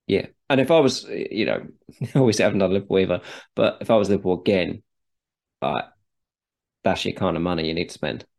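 A man's voice: low voice, a little fast, vocal fry, a little mellow. A man in casual podcast chat about football, talking loosely and repeating words as he restarts. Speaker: podcast co-host.

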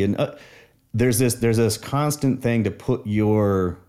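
Guy with a lowish voice telling a story on a podcast, earnest and reflective. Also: slow, mellow. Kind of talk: casual conversation.

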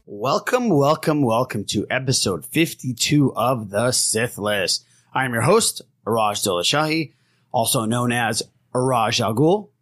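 A man hosting a podcast in a loose, joking chat with friends, swearing freely, his voice a bit rough after a trip. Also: medium pitch, expressive, measured pace, fairly bright tone, soft background music. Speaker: podcast host. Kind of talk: casual chat.

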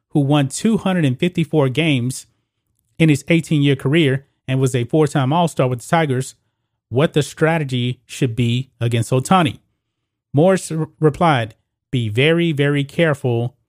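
A man's voice: mid-range voice, a little mellow, dry recording, clean studio sound. A man giving opinionated sports commentary straight to his viewers, calling them guys and folks and reading news articles aloud, tripping over words now and then.

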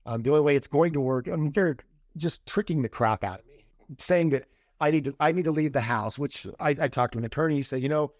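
A man's voice: a little high, quick pace, a little mellow, no echo. Candid middle-aged man telling his story. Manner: candid, acts out quoted dialogue. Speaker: podcast guest. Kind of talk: casual interview storytelling.

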